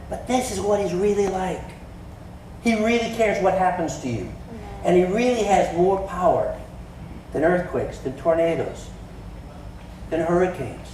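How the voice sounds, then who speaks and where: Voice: medium pitch, mellow, a little hiss or hum. A pastor giving a casual, joking sermon in a church, acting out the story's dialogue. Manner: conversational and joking, acts out quotes. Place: church sanctuary. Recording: echoey church hall, far from mic.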